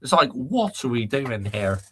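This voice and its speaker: A man's voice: medium pitch, sing-song, a little slow, pushed and bright, slightly rough. A man hosting a football channel, reading out viewer comments and ranting back at them in exasperation. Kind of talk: live chat reaction rant.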